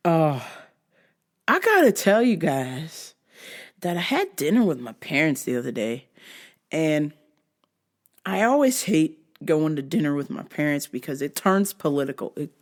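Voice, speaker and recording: A woman hosting a vlog, telling a comic story in an animated, laughing, foul-mouthed way. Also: low-pitched, unhurried, long pauses. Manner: animated, laughing, heavy swearing. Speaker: vlog host. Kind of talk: casual comedic monologue.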